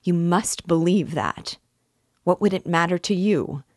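A woman's voice: low voice, dry recording, studio quality. Woman reading as Raskolnikov, anguished confessor. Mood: despairing. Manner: slow, earnest, rising to despairing cries. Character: anguished young man confessing a crime. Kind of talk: audiobook reading.

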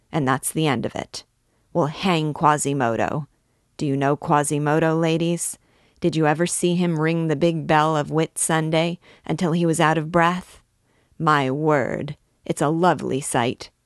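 A woman's voice: deep voice, no echo, clean studio sound. A woman reading aloud, voicing a brash, drunken young male student who boasts and swaggers. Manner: boisterous, swaggering speech.

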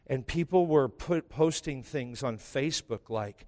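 A man's voice: medium pitch, expressive, brisk, few pauses, darkish tone, in a large hall. A man preaching a sermon as pastor, emphatic and impassioned, firing rhetorical questions at the congregation. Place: church sanctuary.

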